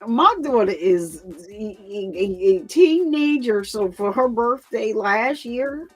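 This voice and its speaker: A woman hosting her own channel, speaking casually to her viewers in an animated way, repeating phrases and laughing often. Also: fairly high pitch, slow, faint music behind. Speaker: commentary channel host.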